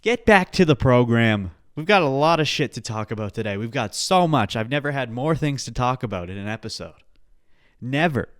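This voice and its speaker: A male podcast host talking solo in a rambling, profane pep-talk style, now and then breaking into loud outbursts. His voice sits at an ordinary middle pitch. The recording is dry and close, with no room sound. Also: no echo. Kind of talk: casual solo podcast chat.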